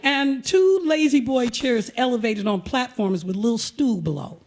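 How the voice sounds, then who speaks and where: A woman hosting and telling a comic personal story live on stage at a museum auditorium, animated and full of breathless asides. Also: a little high, normal speed. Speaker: storyteller and host.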